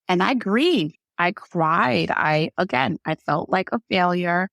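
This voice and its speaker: Woman in her 30s telling her birth story on a podcast, kinda low voice, lots of "like" and "um", super dry sound. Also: a little slow, gravelly, hardly any pauses, no echo. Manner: conversational, many fillers, quotes others in shifting voices. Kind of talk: emotional personal storytelling.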